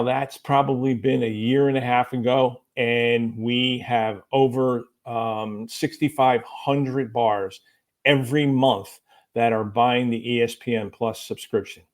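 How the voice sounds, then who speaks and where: Animated storytelling American businessman. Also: medium pitch. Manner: animated anecdote-telling, acts out quoted voices. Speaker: company president, podcast guest. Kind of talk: storytelling interview answer.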